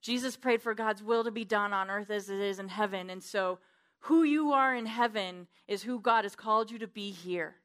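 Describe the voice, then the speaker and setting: Woman preacher, emphatic sermon delivery, bright and forceful tone. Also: medium pitch, normal speed. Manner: fervent, emphatic, swinging from loud to hushed. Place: church.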